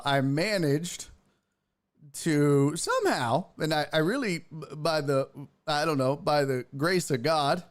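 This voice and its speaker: Lively rambling man hosting a stream. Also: fairly high pitch. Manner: rambling, self-interrupting, exclaiming. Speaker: sports show host. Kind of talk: casual live-stream chat.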